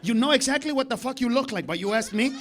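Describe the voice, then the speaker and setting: A comedian voicing his blunt, foul-mouthed father with a gruff, lowered voice. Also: animated, quick pace, fairly bright tone. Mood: irritated.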